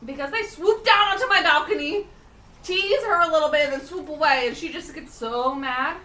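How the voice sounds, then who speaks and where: In a casual podcast chat, a woman co-host speaks animatedly at a moderate pace, her voice sitting high with a sharp tone; she swears liberally and acts out quotes. The mic is far from her, picking up a roomy sound and faint room noise.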